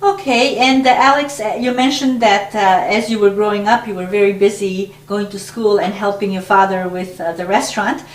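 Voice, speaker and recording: A woman's voice: mid-range voice, fairly even intonation, moderate pace, hardly any pauses. Distant, echoey woman interviewer. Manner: soft-spoken and hesitant, with many fillers. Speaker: oral history interviewer. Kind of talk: interview questions. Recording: echoey room, mic far from her.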